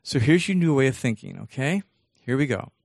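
A man giving an animated motivational seminar, acting out voices from his own inner dialogue. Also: medium pitch, fairly quick, gravelly, dry recording, studio quality. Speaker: motivational speaker. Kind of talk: seminar talk.

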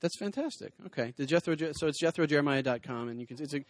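A man's voice: a little high, fast, no echo. A man doing a stand-up comedy set, wry and rambling, reading mock-serious bomb instructions and chatting with the crowd.

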